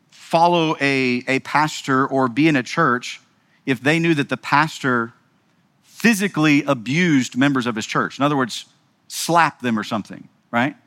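A man's voice: mid-range voice, a bit bright. A man preaching a sermon as pastor, emphatic and rhetorical, often checking in with the audience. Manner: emphatic, rhetorical, keeps asking the audience "right?".

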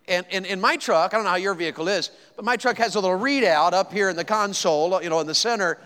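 A male evangelist telling a folksy, animated story in a sermon, rising to excited exclamations. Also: sits high. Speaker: evangelist preacher. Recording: long hall reverb.

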